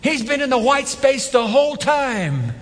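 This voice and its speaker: A man preaching a sermon as pastor, animated, with rhetorical questions and emphatic repetition. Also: very high-pitched, a little slow, big-room sound.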